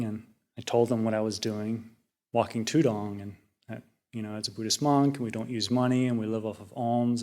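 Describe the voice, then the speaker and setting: A young man, a junior Buddhist monk, tells a personal story in a relaxed, rambling way. He uses many fillers and restarts. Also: lowish voice. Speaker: junior Buddhist monk giving a Dhamma reflection. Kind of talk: casual personal storytelling talk.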